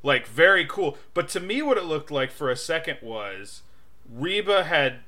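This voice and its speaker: A young man in casual podcast chat, telling a story with a very bright, forceful tone and a lively voice that swoops up and down. He laughs often and jumps into a loud, high pitch to act out what people said. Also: unhurried. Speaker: podcast co-host.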